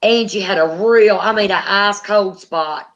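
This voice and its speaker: A woman's voice: mid-range voice, a little slow, dull audio. A woman hosting a casual paranormal chat, animatedly retelling a story and acting out the quotes. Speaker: paranormal channel host.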